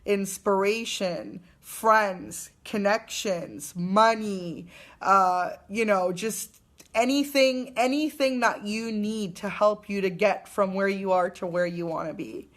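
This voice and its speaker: A woman, a young adult mother, gives a live spiritual card reading to viewers in a gentle, affirming way, with many fillers and restarts. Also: mid-range voice, slow.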